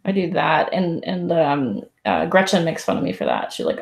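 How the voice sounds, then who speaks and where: A woman's voice: low-pitched, big pitch swings, moderate pace, gravelly, few pauses, echoey room. A woman with a Californian accent, hosting a casual live-stream chat and talking chattily with lots of "like". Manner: chatty, lots of "like", upswing endings. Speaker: stream host.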